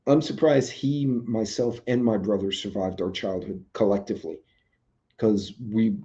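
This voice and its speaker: A man's voice: fairly low pitch, fairly even intonation, measured pace, warm tone. Man rambling on a lo-fi live stream. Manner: rambling, chatty, with frequent ums. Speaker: livestream host. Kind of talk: casual live chat reacting to viewer comments. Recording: dull lo-fi stream audio.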